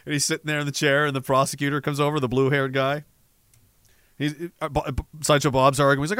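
A middle-aged man from Canada rants through his podcast, sarcastic and profane, mocking his targets. His voice sits high and sounds bright and sharp. The recording is dry and close. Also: flat delivery, fast, clean tone, no room sound. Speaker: podcast host reading listener messages. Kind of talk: casual ranting commentary.

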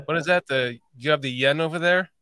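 A man's voice: on the high side, fast talker, pushed and bright, clean tone. A man hosting a podcast, joking and swearing freely in casual banter. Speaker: podcast host.

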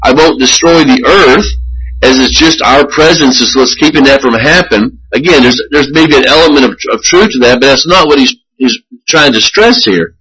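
A man preaching a sermon as pastor, earnest and measured, often restarting his phrases. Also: medium pitch, fairly bright tone, poor audio.

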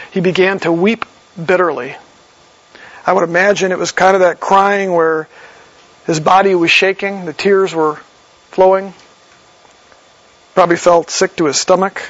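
A man's voice: sits high, a bit bright. A man preaching a sermon in a conversational way, reading verses aloud and explaining them. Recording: slightly dull lo-fi recording.

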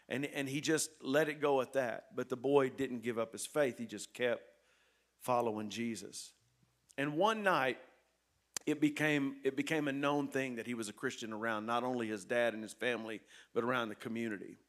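A pastor telling a story in a sermon, earnest and repetitive, dropping soft and then rising loud. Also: male voice, medium pitch, fairly even intonation, moderate pace.

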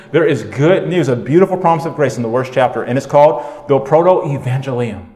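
A male pastor preaching a sermon to his congregation, animated and conversational, with quick asides to the listeners. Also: medium pitch. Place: church sanctuary. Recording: roomy echo.

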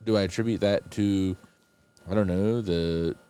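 This podcast co-host from West Virginia speaks in a low, warm, smooth voice, keeping a steady tone and an unhurried pace. The talk is a casual, rambling chat packed with fillers and false starts.

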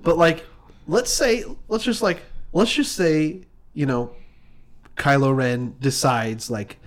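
A man's voice: fairly high pitch, takes it slowly. Rambling man chatting about a film. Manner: rambling, lots of "like" fillers. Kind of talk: casual film discussion.

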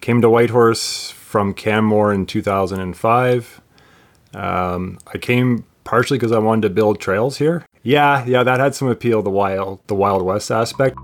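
Low-voiced, matter-of-fact man. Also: a little slow. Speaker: interviewee. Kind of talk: casual interview talk.

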